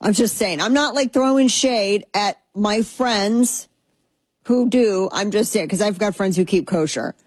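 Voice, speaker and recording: A woman's voice: medium pitch, a little slow, breathy edge, no room sound. A woman hosting a talk show, chatting casually in a sarcastic, rambling way. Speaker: podcast host. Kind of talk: casual chat.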